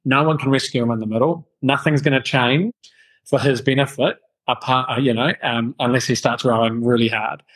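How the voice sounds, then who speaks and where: A man's voice: mid-range voice, brisk, rough recording. New man, 30s, easygoing podcast guest, salty storyteller. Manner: laughs often, swears casually, relaxed storyteller. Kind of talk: casual storytelling interview.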